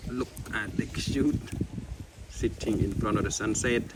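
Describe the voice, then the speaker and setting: A man with filming monkeys outdoors at sunset, chattering in excited, repetitive exclamations. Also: on the low side, a little slow. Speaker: wildlife vlogger filming monkeys. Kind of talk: casual live commentary while filming. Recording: distant outdoor camera audio with noise.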